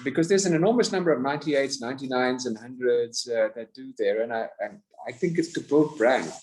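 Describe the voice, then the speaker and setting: A man chatting casually about wine online, measured and hesitant, with many fillers and repeated words. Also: mid-range voice, darkish tone.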